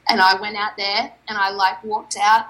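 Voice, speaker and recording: A woman's voice: mid-range voice, flat delivery, moderate pace, sharp tone, poor audio. A young adult woman, an athlete guest on a podcast, telling a story candidly and animatedly and quoting her own thoughts.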